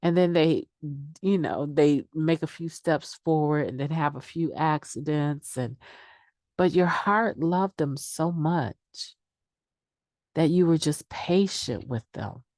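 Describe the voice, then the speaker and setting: A middle-aged woman with a low voice shares frankly about recovery, speaking conversationally as she leads a daily meditation. The sound is dry and close, with no room echo. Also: slow pace, a little mellow. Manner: candid, conversational, acts out quoted excuses. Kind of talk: daily meditation reading and sharing.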